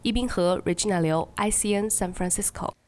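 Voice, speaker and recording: A woman news anchor reading scripted news stories in a measured, even way. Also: mid-range voice.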